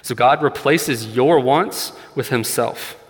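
In a church hall with long reverb, a man preaches a sermon at a slow pace in a mid-range voice. He's earnest and conversational, laughing lightly and building to emphatic key points.

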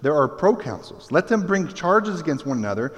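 A man preaching a sermon in an animated way, with jokey asides and acted-out voices. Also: fairly high pitch, brisk, in a large hall. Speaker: pastor.

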